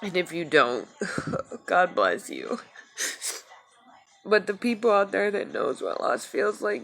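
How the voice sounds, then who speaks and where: A woman tearfully talking in a personal video journal, halting and soft-spoken. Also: medium pitch, sing-song, vocal fry. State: crying. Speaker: vlogger.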